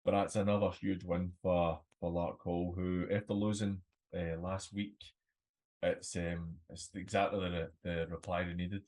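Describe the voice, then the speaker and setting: A Scottish man hosting a football podcast, running through the weekend's results in a relaxed way with plenty of fillers. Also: deep voice, unhurried, low-quality recording. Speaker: host.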